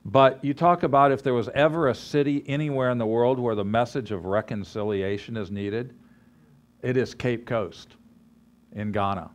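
A man's voice: medium pitch, normal speed. A man preaching to a gathered group, telling a story with acted-out dialogue. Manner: animated storyteller, acts out dialogue. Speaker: ministry leader teaching a course. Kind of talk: sermon with storytelling.

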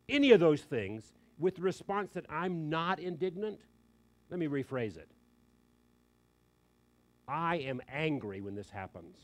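A man preaching a sermon, emphatic and animated, dropping in quick joking asides. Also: fairly high pitch.

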